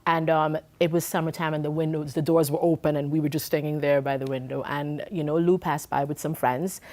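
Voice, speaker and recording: A singer from Trinidad talks. Her voice sits low, and she laughs often as she tells her stories. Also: steady tone, fairly quick. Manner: warm, chatty, laughs often. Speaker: singer and guest. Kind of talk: interview.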